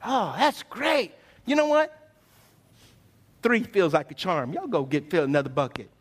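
A pastor playing a bold prophet who mocks his rivals with teasing, loud taunts. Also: sits high, sing-song, measured pace, full character voice.

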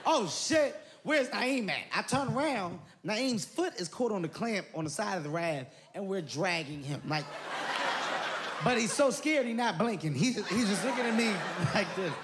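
A male comedian telling a story on stage, animated and breaking into shouted quotes. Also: sits high, normal speed, background noise. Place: comedy stage before an audience.

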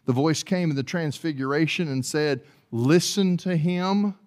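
A man with a notably high-pitched voice delivers a sermon. He tends to repeat and restart words as he goes, and he swings from quiet, low stretches to loud, climbing preaching. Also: measured pace. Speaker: pastor.

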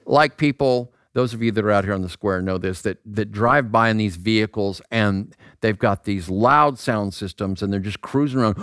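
A man's voice: lowish voice, moderate pace, few pauses, no room sound, clean studio sound. A man preaching a casual, conversational sermon, asking rhetorical questions and acting out voices. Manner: animated, acts out voices, asks rhetorical questions. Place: outdoor square.

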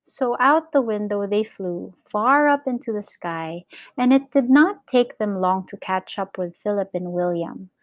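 A woman teacher reading a children's story aloud, in slow, clear storytelling with lively character voices. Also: mid-range voice, no echo. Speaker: English teacher.

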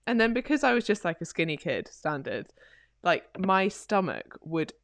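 A woman's voice: on the low side, big pitch swings, moderate pace, no echo. A woman co-hosting a podcast, chatting casually and rambling a little as she gives fitness advice, with plenty of "like". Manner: chatty, rambling, heavy use of "like". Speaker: podcast co-host and fitness coach.

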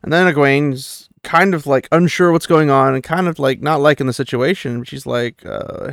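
A man's voice: on the high side, normal speed, hardly any pauses, fairly bright tone, no echo, studio quality. A man casually recapping and commenting on a fantasy novel chapter, rambling with many fillers. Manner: rambling, many fillers, light quoting of characters. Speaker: book discussion host.

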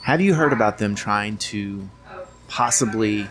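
A man's voice: lowish voice, lively intonation, measured pace. A man hosting a podcast, asking questions and teasing his guests with enthusiasm. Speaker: podcast host. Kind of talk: casual interview chat.

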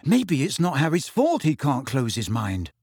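A man reading aloud, voicing a gloomy, suspicious teenage boy who talks slowly. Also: mid-range voice, expressive, dry recording, clean studio sound, natural voice. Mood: dark, suspicious.

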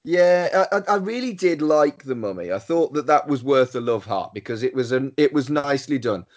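A man's voice: medium pitch, expressive, moderate pace, darkish tone, muffled recording. A man co-hosting a casual film chat, thoughtful and dry, with hesitant restarts. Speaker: podcast co-host.

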